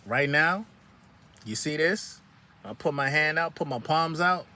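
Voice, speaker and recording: A man's voice: fairly high pitch, lively intonation, a little slow, pushed and bright. A man vlogging outdoors in the sun, giving a profane, preachy motivational rant with lots of repetition.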